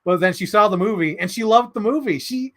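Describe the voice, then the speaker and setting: A man's voice: high-pitched, fairly quick, fairly bright tone. A man hosting a live stream, chatting casually in a rambling, opinionated way and swearing often. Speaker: livestream host.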